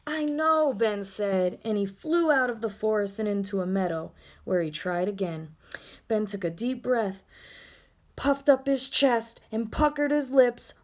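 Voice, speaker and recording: A woman with a mid-range voice reads a children's storybook aloud a little slowly, in a gentle and expressive manner.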